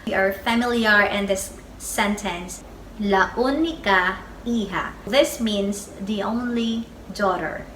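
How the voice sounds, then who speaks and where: Slow, bright-voiced woman teaching vocabulary. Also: medium pitch. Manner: repeats each word twice, slow and deliberate. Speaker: Spanish teacher. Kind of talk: slow beginner language lesson. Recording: echoey room with faint background noise.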